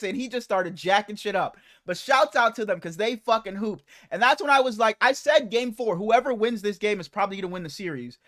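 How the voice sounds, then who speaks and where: A young man co-hosting a casual podcast, talking sports with excited swearing and laughter. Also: very high-pitched. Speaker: podcast co-host. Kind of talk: casual chat.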